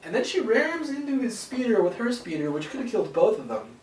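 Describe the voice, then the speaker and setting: Animated young man, laughing and ranting. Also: high voice, fairly quick. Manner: animated, laughing, swearing, acts out quotes. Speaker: podcast co-host. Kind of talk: casual movie discussion. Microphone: camera mic. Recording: roomy, distant camera mic.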